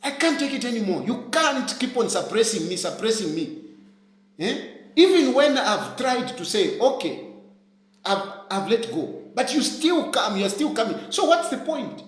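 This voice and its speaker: Impassioned Zambian man, high lively voice. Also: moderate pace, reverberant, low-quality recording. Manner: impassioned, repeats phrases over and over. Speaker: opposition politician. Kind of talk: live-streamed political rant.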